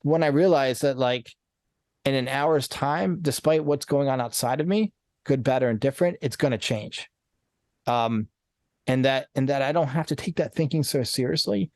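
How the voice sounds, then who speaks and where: A man's voice: mid-range voice, moderate pace, darkish tone, no echo. Earnest rambling man, dry close sound. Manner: earnest, rambling, frequent restarts and repeated words. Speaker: podcast guest, transformation coach. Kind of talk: casual conversational interview.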